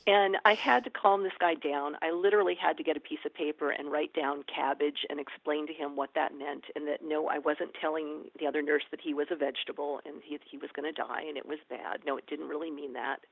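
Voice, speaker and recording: A woman, an experienced emergency nurse and educator, tells stories in an animated way and acts out the voices. Her voice has a gravelly edge. The recording is a dry, tinny, phone-like line. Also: deep voice, brisk, few pauses, no room sound. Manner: lively, animated storyteller acting out quoted dialogue. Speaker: ER nurse and educator, podcast guest. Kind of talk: conversational storytelling interview.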